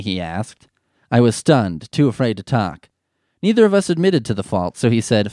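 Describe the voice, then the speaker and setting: A man reading a sentimental story aloud and mocking it with sarcastic, deadpan asides. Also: mid-range voice, moderate pace, no room sound, clean studio sound. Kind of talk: mocking commentary over a read-aloud story.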